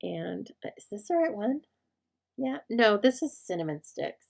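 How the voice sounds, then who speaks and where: A woman's voice: medium pitch, big pitch swings, a little slow, creaky. A woman hosting a live rubber stamp crafting stream, chatting casually and rambling as she works, talking to viewers by name and poking fun at herself. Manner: self-deprecating.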